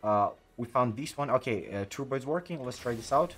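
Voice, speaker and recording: Excitable man narrating his gameplay. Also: mid-range voice, a little fast, breathy edge. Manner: excitable, frequent exclamations and slang. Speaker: gaming YouTuber. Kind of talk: let's play commentary.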